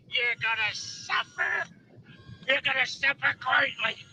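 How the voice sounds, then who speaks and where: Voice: mid-range voice, sharp tone, a little hiss or hum, heavily acted, poor audio. An actor voicing a scheming mechanical servant who blusters at a human and fawns before his god, in a vintage radio comedy. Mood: gloating threat. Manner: blustering, bossy toward the human, fawning toward his master. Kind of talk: 1940s radio acting.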